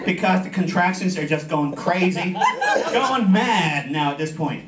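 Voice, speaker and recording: A man's voice: fairly high pitch, measured pace, slight background noise. Man telling a comic story in an echoey hall. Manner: animated storytelling with audience laughter. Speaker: contest speaker. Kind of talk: humorous contest speech. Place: convention hall. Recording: echoey hall, mic from far off. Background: audience laughter.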